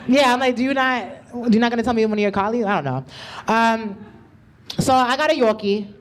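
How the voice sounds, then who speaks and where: A woman's voice: on the high side, expressive, fairly quick. A woman doing a stand-up comedy set with a loose, slangy, conversational delivery. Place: comedy club stage.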